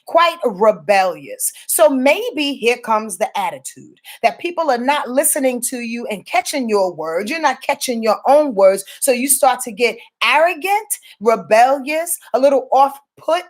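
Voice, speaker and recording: A high-pitched woman talks through her weekly astrology forecast, loose and unscripted. She rambles, swears freely and darts into playful asides, her voice jumping up and down as she goes. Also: a little slow. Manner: rambling, profane, animated, with playful asides and sudden pitch jumps. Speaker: astrologer giving a weekly rundown. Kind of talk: casual spoken forecast.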